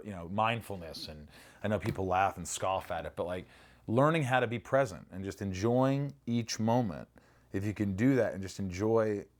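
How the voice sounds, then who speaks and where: Animated storytelling man, lowish voice. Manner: animated storyteller, swears freely, acts out lines. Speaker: actor interviewee. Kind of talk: casual interview reminiscence.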